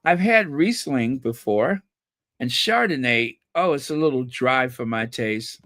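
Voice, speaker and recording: This royal gossip channel host chats to his viewers in a rambling solo vlog, leaning on repeated words for emphasis. He sounds animated, with a mid-range, fairly bright voice at a measured pace. The studio sound is clean, with no room sound.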